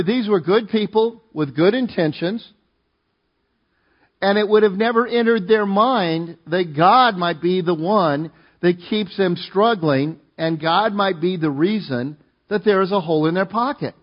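A man's voice: high voice, muffled recording. A man preaching a sermon, reading scripture verse by verse and explaining it in a conversational way, often asking his listeners to join in. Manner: conversational, asks the congregation to join in. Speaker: pastor.

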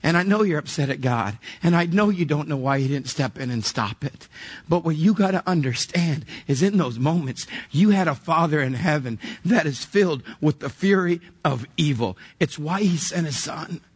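A man's voice: on the high side, lively intonation, moderate pace, husky. A man preaching a sermon, telling a personal story vividly and acting out the dialogue before turning to earnest preaching. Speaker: pastor.

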